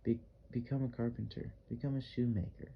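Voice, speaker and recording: A man's voice: medium pitch, level tone, fairly quick, creaky, dull audio, a little hiss or hum, close to an everyday voice. A man reading a blunt, strong-voiced male artist with a vague Russian accent in an audiobook, giving insistent commands.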